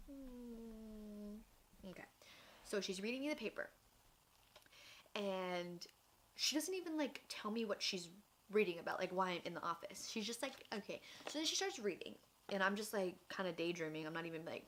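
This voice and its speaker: A woman's voice: medium pitch, fairly bright tone. A young woman vlogger telling a personal story in a chatty, casual way, filling with "like" and acting out what people said. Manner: chatty, lots of "like", acts out quotes. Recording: faint background noise.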